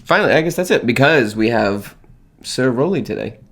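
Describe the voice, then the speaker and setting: A man's voice: medium pitch, animated, a little fast, a crowd in the background. A man co-hosting a casual chat show. He talks in a laid-back way, laughs often and drops dry asides. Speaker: co-host.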